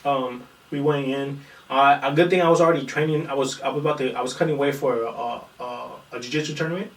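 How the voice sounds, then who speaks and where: A man's voice: mid-range voice, fairly even intonation, fast. Young man, rambling profane storyteller, roomy echo, distant from the mic. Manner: rambling, profane, acts out quotes. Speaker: podcast guest, amateur fighter. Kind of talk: casual storytelling chat. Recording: echoey room, far from mic, faint noise.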